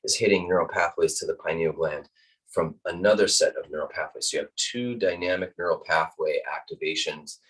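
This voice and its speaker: Low husky man guiding breathwork. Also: fairly quick, far from the mic, poor audio. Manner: calm, instructive, demonstrates breaths aloud. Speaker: breathwork instructor. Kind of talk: guided breathing lesson.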